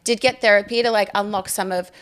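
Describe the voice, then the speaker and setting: A woman in her thirties, a podcast guest telling her story in animated casual chat, often quoting herself. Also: medium pitch, quick pace. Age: 30s.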